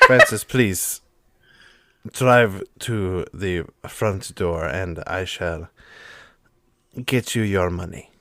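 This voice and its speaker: A man's voice: low-pitched, drawn-out words, pauses often, pushed and bright, full character voice. A man putting on a pompous French nobleman. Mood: haughty. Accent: put-on French.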